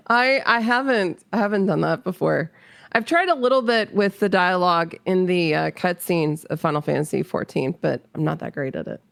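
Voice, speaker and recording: A woman with a gravelly edge to her voice chats casually as a guest, laughing often and restarting her sentences. The sound is close and dry. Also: fairly low pitch, normal speed, dry recording. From North Carolina, US. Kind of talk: casual chat.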